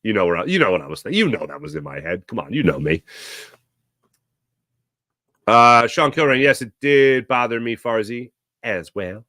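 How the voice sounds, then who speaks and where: A male sports talk host talks in a loose, rambling way and jokes as he reads out viewer comments. His voice is bright and forceful. The sound is dry and close, with no room around it. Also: medium pitch, moderate pace, long pauses, no echo. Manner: animated, rambling, jokey. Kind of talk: casual sports talk, reading chat comments.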